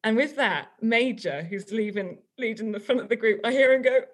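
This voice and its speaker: Woman, lively storyteller, laughs often, casual podcast chat. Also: on the high side, moderate pace. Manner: chatty, animated, laughing often. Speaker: guest author and teacher.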